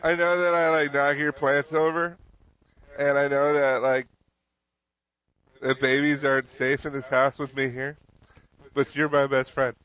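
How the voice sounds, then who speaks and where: A man's voice: mid-range voice, level tone, measured pace, pauses often, fairly bright tone, clean tone, muffled recording, close to an everyday voice. Casting: a man playing a sly, teasing pet cat, podcast comedy bit, everyday voice. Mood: sappy. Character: smug mischievous house cat, male.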